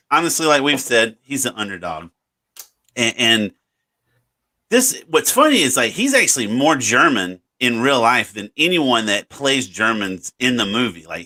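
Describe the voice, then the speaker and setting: A man's voice: mid-range voice, sharp tone. A man chatting easily about a movie as a podcast co-host, readily agreeing with the others. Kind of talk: casual movie review chat.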